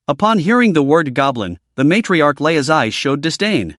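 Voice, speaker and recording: Man narrating a story recap; somewhat high, animated pitch, dry booth sound. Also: moderate pace, hardly any pauses, dry recording.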